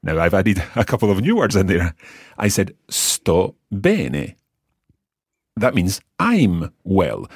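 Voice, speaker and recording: A man with a very deep, slightly husky voice teaches a language lesson. His pitch moves a lot as he explains patiently and sounds out each word slowly. The recording is dry and close, with no room sound. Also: sing-song, no echo.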